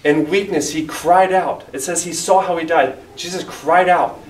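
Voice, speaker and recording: A man's voice: fairly high pitch, steady tone, normal speed, recorded from a distance. A man teaching a church Bible study in an earnest, emphatic way, reading scripture aloud. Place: church room. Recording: echoey room, mic from afar, faint hiss.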